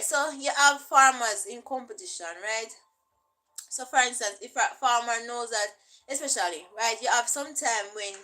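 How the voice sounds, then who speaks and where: A woman's voice: a little high, bright, forceful tone, rough recording. A young Jamaican woman vlogger explaining things in a casual, chatty way and often checking in with "right?".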